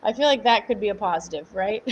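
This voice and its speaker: A woman's voice: mid-range voice, lively intonation, moderate pace, a little hiss or hum. Upbeat woman fitness coach, live stream. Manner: upbeat, chatty, answers viewers by name, laughs often. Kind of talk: live-stream workout instruction. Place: home workout space. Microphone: camera mic at home.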